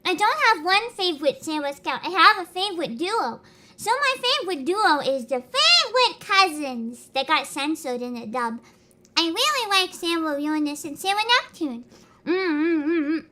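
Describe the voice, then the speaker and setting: A young woman streams live commentary in a very high, bright voice. Her pitch leaps around as she rants, swears and laughs. She greets her chat along the way. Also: lively intonation, moderate pace. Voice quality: avatar anime streamer voice.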